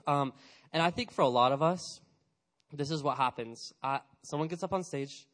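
A young man in his twenties giving a casual, energetic youth sermon, chatty and full of fillers, acting out little quotes. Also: a little high, moderate pace. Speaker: youth pastor.

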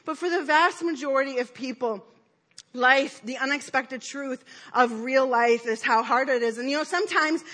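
A woman's voice: sits high, normal speed, fairly bright tone. A woman preaching a conversational sermon, rambling through a self-deprecating personal story with many fillers and asides. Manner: self-deprecating, laughing at herself. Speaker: speaker at church.

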